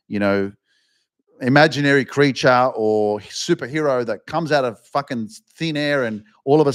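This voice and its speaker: A male podcaster in the self-help genre curses his way through a frank motivational monologue, and he regularly works himself up into a passionate, shriller tirade.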